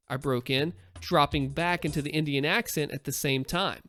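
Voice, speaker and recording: A man's voice: on the high side, fairly even intonation, normal speed, hardly any pauses, sharp tone, faint music behind. A man reading internet stories aloud as the narrator, with a wry storytelling delivery.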